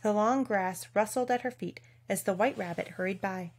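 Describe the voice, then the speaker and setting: Expressive woman reading a storybook. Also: mid-range voice, normal speed. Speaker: audiobook reader.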